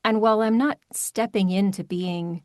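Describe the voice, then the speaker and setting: Casting note: American woman, audiobook narrator guest, animated and chatty, dry close sound. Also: mid-range voice, no echo. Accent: General American. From Maryland, USA. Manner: chatty, animated, quick asides. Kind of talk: casual interview chat.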